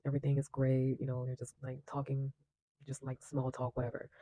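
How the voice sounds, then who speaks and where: A man's voice: medium pitch, monotone, a little fast, mellow, poor audio. A man casually retelling a film plot in a loose, chatty way, with lots of fillers and acted-out lines. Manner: acts out characters' lines with bursts of energy. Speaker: film reviewer.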